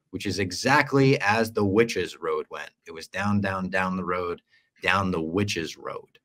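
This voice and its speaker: Speaking a little slowly in a low voice, a young podcast co-host walks through a series in a long recap. He's an animated storyteller who acts out the lines he quotes, and the show is casual.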